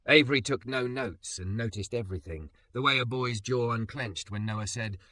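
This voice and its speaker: A man narrating a scripted story in an even, measured reading. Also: medium pitch, no room sound.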